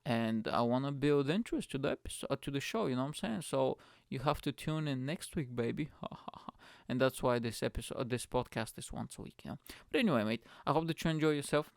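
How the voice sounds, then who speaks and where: A man hosting his own solo podcast, rambling and excitable, swearing freely as he rants to listeners. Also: mid-range voice, brisk, gravelly, no room sound, studio quality. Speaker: podcast host.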